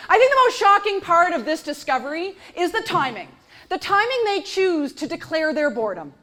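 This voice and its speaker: A woman performing a stand-up comedy set on stage, with a punchy, sarcastic delivery and deadpan asides. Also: very high-pitched, moderate pace, a faint crowd. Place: comedy stage before a live audience. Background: audience laughter.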